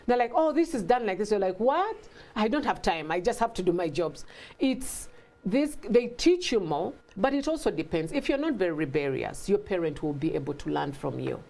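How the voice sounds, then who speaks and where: A middle-aged Ugandan woman talks as an interview guest. She tells family stories in a lively way, with her pitch leaping when she mimics others and frequent laughter. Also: vocal fry. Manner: animated, acts out family dialogue with laughter. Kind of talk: casual interview talk.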